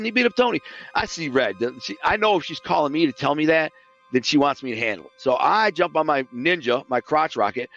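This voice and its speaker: A man's voice: mid-range voice, dull audio. A man from the Detroit area telling stories in a casual, streetwise way, acting out the dialogue as he goes. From Detroit area, United States. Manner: streetwise, animated, acts out dialogue. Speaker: guest, former mobster. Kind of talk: casual storytelling.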